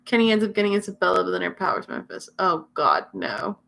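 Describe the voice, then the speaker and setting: A woman's voice: fairly low pitch, sing-song, fast, creaky, pushed and bright. Giggly young woman chatting on a livestream. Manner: giggly, chatty, teasing, laughs often. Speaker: livestream host. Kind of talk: casual livestream chat reading comments.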